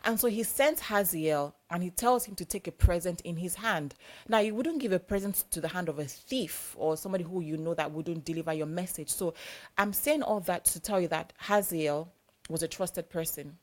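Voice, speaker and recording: A woman's voice: lowish voice, moderate pace. A young adult woman preacher giving a sermon in a conversational, emphatic, repetitive way.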